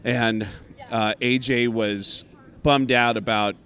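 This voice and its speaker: A comedian guest spinning a backstage yarn in an easy, animated way. He drops into other people's voices as he goes, with a mid-range male voice. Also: mid-range voice, slow. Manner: animated storyteller, jumps into quoted voices. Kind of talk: casual anecdote telling.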